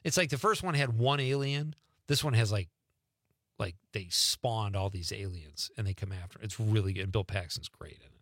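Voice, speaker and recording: A man's voice: moderate pace, no room sound, studio quality. A middle-aged man hosting a casual call-in radio show, reading listener texts with playful asides and chuckles. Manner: animated, chuckling, swings between playful asides and low murmurs. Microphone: studio radio mic.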